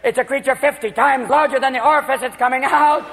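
A man performing a manic stand-up routine, jumping into shouted character voices before a live audience. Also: very high voice, steady tone, fast, vocal fry. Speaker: stand-up comedian. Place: large theater stage. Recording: live hall with loud crowd and noise. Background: audience laughter.

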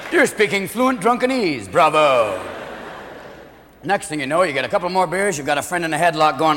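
A man doing live stand-up comedy, jumping manically between bits and quick character voices. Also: high voice, lively intonation, a bit bright, slight background noise. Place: large live venue with audience. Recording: live hall recording with crowd laughter.

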